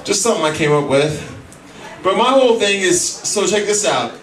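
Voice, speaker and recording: A male comedian working a club stage with a high, light voice, crude and rambling as he acts out the people in his stories. The sound is roomy and echoey, and the mic picks him up from a distance. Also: expressive, moderate pace, a bit bright. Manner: crude, rambling, heavy profanity, acts out characters' lines. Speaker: stand-up comedian. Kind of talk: stand-up comedy set.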